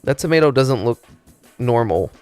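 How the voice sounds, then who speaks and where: A man streaming, chatting casually in a rambling, profane, animated storytelling way. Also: mid-range voice, normal speed, clean tone, soft background music.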